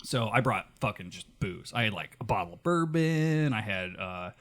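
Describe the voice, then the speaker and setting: A man co-hosting a podcast, telling stories in an animated, profane casual chat. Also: lowish voice, normal speed. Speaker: podcast co-host.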